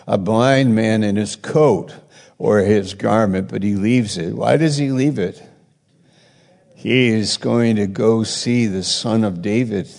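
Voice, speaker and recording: A man with a lowish, gravelly voice preaches slowly, wandering through Bible stories and stopping to correct himself. His voice rings with the long reverb of a hall. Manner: rambling, self-correcting, storytelling with rising excitement. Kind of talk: sermon, Bible teaching.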